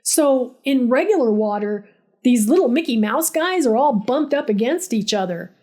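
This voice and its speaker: A woman's voice: on the high side, lively intonation, moderate pace, warm tone. A woman voicing a smug, preachy male bio-hacker coworker who lectures in an earnest, condescending way. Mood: earnest lecturing.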